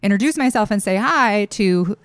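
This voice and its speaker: A woman's voice: medium pitch, expressive, brisk, dry recording. A middle-aged woman hosting a podcast, talking in a friendly, chatty way and laughing easily. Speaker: podcast host. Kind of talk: casual podcast conversation.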